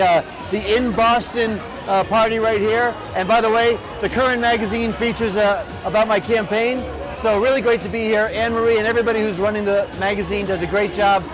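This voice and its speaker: A man running for office giving an upbeat campaign pitch, shouting over the noise at an outdoor festival. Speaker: political candidate. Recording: noisy street festival crowd.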